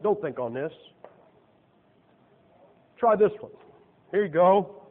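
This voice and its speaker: Folksy, lively-pitched preacher man. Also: takes it slowly. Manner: folksy and joking, rhetorical questions. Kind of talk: sermon. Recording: tinny, echoey church recording.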